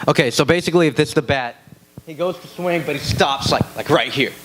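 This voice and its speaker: A young man preaching a casual youth sermon, telling stories and acting out shouted quotes in a high voice. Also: fairly quick, a little hiss or hum. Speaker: youth pastor. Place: church youth room.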